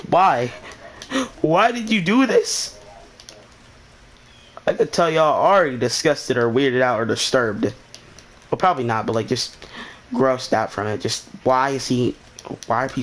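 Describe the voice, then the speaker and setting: A young man hosting his channel tells a rambling, casual story in a mid-range, slightly bright voice at normal speed with long pauses. Exasperated, he asks why again and again.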